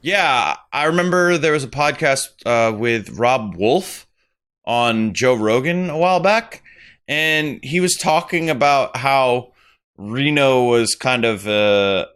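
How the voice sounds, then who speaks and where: A man co-hosting a casual crypto podcast, talking in a relaxed, rambling and joking way. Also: mid-range voice, slow, clean tone. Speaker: podcast co-host. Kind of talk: casual chat.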